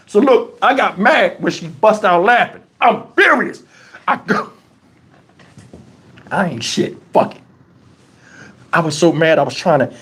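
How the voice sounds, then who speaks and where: A middle-aged man hosting a casual livestream, telling a story in an animated, exasperated way with a lot of cursing. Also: sits high. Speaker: YouTube channel host.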